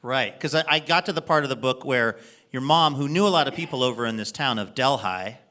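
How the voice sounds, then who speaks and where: A man's voice: medium pitch, animated, a little fast, bright, forceful tone. A man hosting a live radio interview, chatting with his guest and slipping in jokes. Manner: joking, chatty. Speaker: radio show host.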